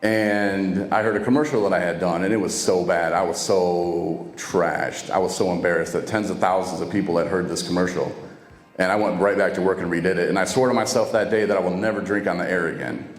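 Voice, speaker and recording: A man with a low, steady voice talks fairly quickly as he tells the camera about his own recovery. He keeps it casual and conversational and acts out quoted dialogue, with long reverb and faint music in the echoey room.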